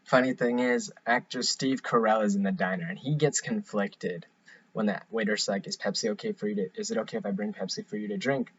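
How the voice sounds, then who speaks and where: A man's voice: lowish voice, steady tone, slightly rough. Young man rambling through a class talk. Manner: halting, rambling explanation. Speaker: student presenter. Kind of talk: class presentation. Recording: dull lo-fi recording.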